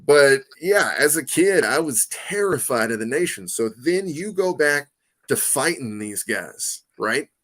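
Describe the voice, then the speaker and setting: A man hosting an interview podcast, talking in a casual, animated way that jumps between loud bursts and quiet asides. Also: fairly high pitch, unhurried. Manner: excitable, animated, swings loud and soft; peppers talk with "man" and "you know what I mean". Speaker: podcast host.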